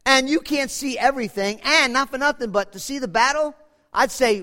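A man preaching a sermon in a church, animated and dramatic, swinging from loud to hushed. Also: very high voice, normal speed. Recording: echoey hall reverb.

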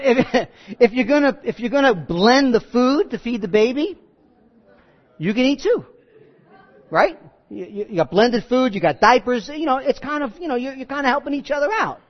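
A man preaching a sermon in a joking, conversational way, acting out the people he quotes. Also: very high voice. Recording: dull sound in a reverberant hall.

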